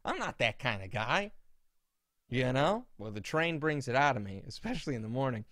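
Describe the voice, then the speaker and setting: Animated man telling indignant stories. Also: mid-range voice, normal speed, no room sound, clean studio sound. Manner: animated, indignant storyteller who acts out quotes. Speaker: podcast co-host. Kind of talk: casual chat, storytelling.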